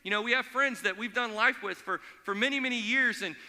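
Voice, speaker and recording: A man preaching a sermon as pastor, telling stories in an energetic, conversational way. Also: extremely high pitch, brisk. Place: church sanctuary. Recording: long hall reverb.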